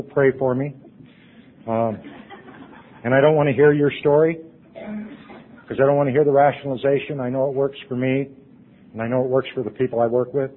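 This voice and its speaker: A man telling his recovery story to a meeting, earnest, his voice dropping hushed at emotional points. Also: mid-range voice. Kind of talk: personal recovery talk. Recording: tinny phone-like recording.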